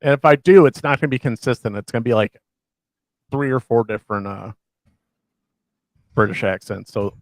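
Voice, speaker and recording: Man, gravelly voice, dry close sound, casual rambling stream chat, jokey. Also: mid-range voice, moderate pace, long pauses, no echo. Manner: rambling, self-deprecating jokes. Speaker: co-host.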